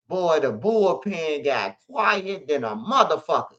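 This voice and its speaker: A man's voice: high voice, sing-song, takes it slowly, hardly any pauses, pushed and bright. A man, a show host telling stories in a casual monologue, heavy on street slang and "bro". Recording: slightly dull lo-fi audio.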